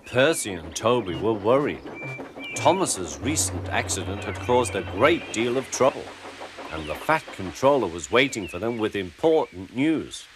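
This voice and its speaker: A man narrating a children's storybook in a gentle, expressive way, with music playing underneath. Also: on the low side, moderate pace, noisy background.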